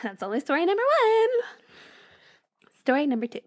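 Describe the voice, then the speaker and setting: Woman, podcast co-host, casual ghost story retelling, somewhat high voice. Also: huge pitch swings, normal speed, a little hiss or hum. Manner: reads story aloud, voices quoted lines with raised pitch.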